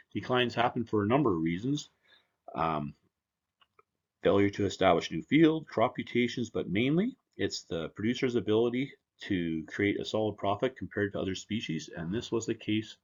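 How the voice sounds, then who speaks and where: A man's voice: fairly low pitch, dull audio. A man presenting at a seminar as a seed company representative, talking in a conversational, joking way. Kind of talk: conference presentation.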